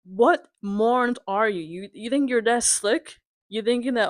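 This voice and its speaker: A woman's voice: on the high side, unhurried, no room sound. A young woman ranting in frustration as a vlogger, swearing and repeatedly asking if you understand. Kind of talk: angry sports rant.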